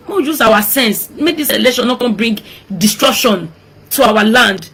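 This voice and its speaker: A woman's voice: fairly high pitch, lively intonation, normal speed, a bit bright, breathy edge. A woman from Edo State with a Nigerian accent, making an emotional, pleading appeal for peace and repeating her words often.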